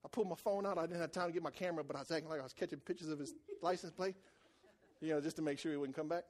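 A man preaching a sermon as a folksy personal story, loud and emphatic. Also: fairly high pitch, very fast. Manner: folksy storytelling, voices quoted people.

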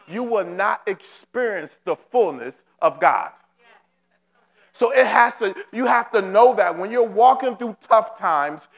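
Man, pastor, high gravelly voice, fervent repetitive preaching, church service, long hall echo. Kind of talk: sermon.

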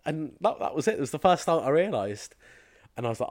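A man's voice: fairly high pitch, fast talker, dry recording. A man, a fitness and mindset coach, chatting casually as a podcast guest and telling stories animatedly, slipping into other people's accents. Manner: animated storyteller who slips into mimicking accents.

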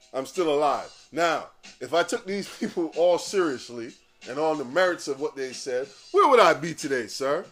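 A man hosting a podcast, ranting casually in profane, animated street slang. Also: on the high side, normal speed, soft background music. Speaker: podcast host. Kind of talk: casual rant.

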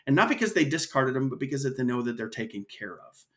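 A man's voice: medium pitch, big pitch swings, fast talker, fairly bright tone. A man speaking as a guest on an interview podcast, earnest and storytelling, often restarting his sentences. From United States. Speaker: guest, association executive.

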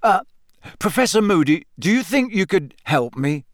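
A man's voice: high-pitched, very animated, moderate pace, no room sound, clean studio sound, voice pushed up. A man voicing an earnest, nervous teenage boy wizard who hesitates a lot. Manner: hesitant, with fillers.

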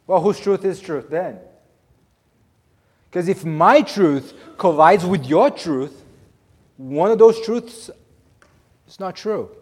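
A man preaching a sermon, emphatic, swinging between loud declarations and hushed asides. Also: sits high, animated, slow, long pauses, breathy edge. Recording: long hall reverb.

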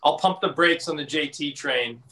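A man's voice: a little high, moderate pace, sharp tone, rough recording. A man co-hosting a casual podcast, speaking with hesitations and fillers. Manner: chatty, hesitant, filler-laden. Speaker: podcast co-host. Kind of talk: casual chat.

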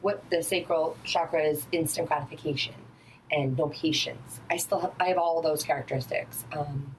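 A woman yoga and Pilates instructor chatting casually in an animated, rambling way, laughing often. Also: sits low, normal speed, slight background noise, rough recording. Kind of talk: casual chat.

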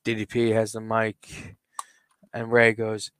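A man's voice: on the low side, completely flat delivery, slow, a bit bright, clear, resonant tone, dry recording, studio quality. A man hosting a podcast, casually narrating a toy wrestling storyline play by play. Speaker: podcast host.

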